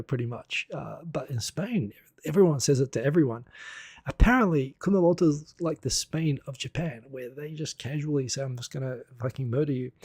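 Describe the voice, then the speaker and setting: A man's voice: medium pitch, gravelly, darkish tone, slightly rough, no room sound, clean studio sound. A man hosting a live stream, rambling through news in a chatty way with frequent fillers, restarts and laughs. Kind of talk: casual news commentary.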